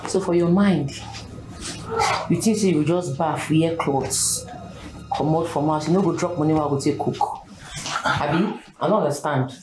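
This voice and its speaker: An actress with a Nigerian accent playing a sharp-tongued wife who scolds her husband in Pidgin. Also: low voice, normal speed, long pauses, close to an everyday voice. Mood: scolding. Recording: echoey room with faint noise.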